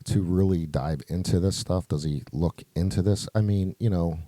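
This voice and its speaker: A man's voice: sits low, normal speed, dark tone, dry recording. A man co-hosting a podcast, rambling loosely in casual chat and swearing often. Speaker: podcast co-host.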